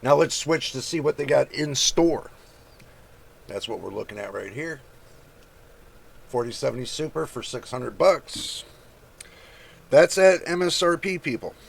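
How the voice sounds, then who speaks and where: Gravelly-voiced man reading off prices. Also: mid-range voice, lively intonation, a little slow, long pauses. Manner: reads prices aloud, chatty asides to viewers. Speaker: channel host. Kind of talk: casual screen-share commentary.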